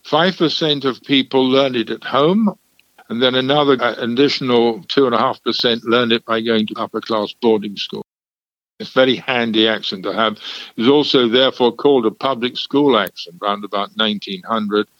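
A man's voice: medium pitch, moderate pace, fairly bright tone, no echo, highs cut off. Older man explaining at length. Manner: discursive, lecturing, with small chuckles. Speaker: language expert. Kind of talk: radio interview.

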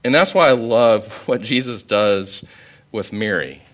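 A young adult man preaching a sermon to a congregation in a conversational, storytelling way with animated emphasis. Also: on the low side, unhurried. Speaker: pastor.

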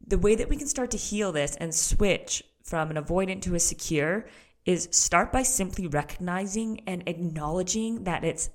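A woman's voice: lowish voice, moderate pace. A young woman hosting a solo podcast, talking candidly and directly to the listener and laughing often. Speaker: podcast host. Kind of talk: casual solo podcast talk.

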